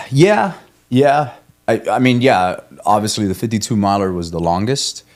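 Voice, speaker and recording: A man's voice: fairly low pitch, lively intonation, measured pace. A young man talking candidly on a podcast, rambling and swearing as he tells a running story, often restarting his sentences. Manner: rambling, profane, self-coaching, frequent restarts. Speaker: guest, ultramarathon runner. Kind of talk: candid conversational podcast talk.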